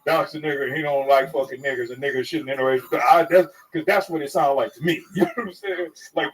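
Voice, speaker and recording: A comedian telling a story in casual talk, crude and animated, acting out what others said. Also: male voice, medium pitch, quick pace, slightly rough. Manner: animated, crude, acts out quotes. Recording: distant mic.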